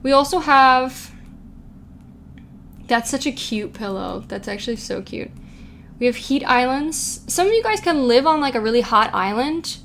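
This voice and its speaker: Her voice sits high and sounds expressive and a bit bright as this young tarot reader moves at a normal speed through a casual pick-a-card reading. She's chatty and giggly, reading quotes aloud with playful asides, over a little hiss or hum.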